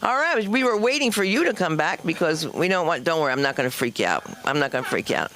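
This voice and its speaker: A woman's voice: deep voice, sing-song, fast talker, a bit bright, a little hiss or hum. A woman hosting a stand-up comedy night, chatty and teasing the audience. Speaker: comedy show host. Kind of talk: stand-up crowd work. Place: comedy club stage.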